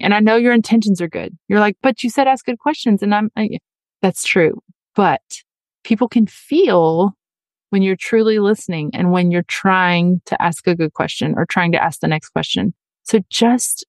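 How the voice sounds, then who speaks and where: A woman's voice: medium pitch, no echo. A woman hosting an advice podcast, talking earnestly and chattily and acting out the voices she quotes. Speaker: podcast host. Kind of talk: casual advice podcast monologue.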